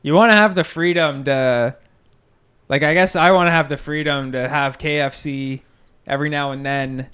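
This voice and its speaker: Male comedian guest, joking and easygoing, slightly high, smooth and resonant voice. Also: fairly even intonation, moderate pace, a bit bright. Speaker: comedian and game show host, podcast guest. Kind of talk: casual chat.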